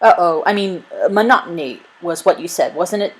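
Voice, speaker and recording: A woman reading a storybook aloud, voicing a cowardly, sniveling male sailor who pleads in a high, whiny voice. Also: lively intonation, moderate pace, lightly acted, poor audio. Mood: sly, flustered.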